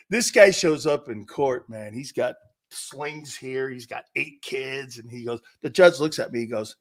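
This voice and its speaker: A man hosting a sports talk show, telling rambling, animated stories with many restarts while standing. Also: mid-range voice, measured pace. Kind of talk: casual sports talk banter.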